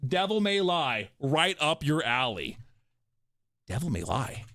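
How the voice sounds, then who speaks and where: A man streaming a game, reading and reacting aloud in a jokey way, quick to laugh. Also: a little high, very animated, pushed and bright, no room sound, studio quality.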